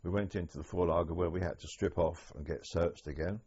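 An older man recalling wartime memories in an oral history interview, speaking haltingly with many restarts. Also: low voice, fairly even intonation, dark tone, breathy edge. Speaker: interviewee, former prisoner of war. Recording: dull lo-fi archive tape.

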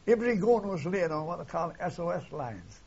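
A man's voice: fairly high pitch, very animated, brisk, gravelly, darkish tone, slightly rough. An older man recalling wartime events in an oral history interview, rambling and retelling old dialogue, often tagging "see?". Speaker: war veteran interviewee. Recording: dull lo-fi archive tape.

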